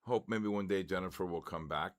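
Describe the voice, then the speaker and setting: An older man hosting a trading livestream, cheerfully calling out raffle winners in a drawn-out announcer way. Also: low voice. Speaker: trading stream host.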